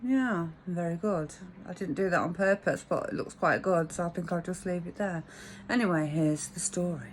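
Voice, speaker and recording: A woman's voice: lowish voice, moderate pace, slight background noise. A woman, telling a rambling, frank anecdote in a chatty way. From English Midlands. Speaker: vlogger. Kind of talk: casual storytelling monologue.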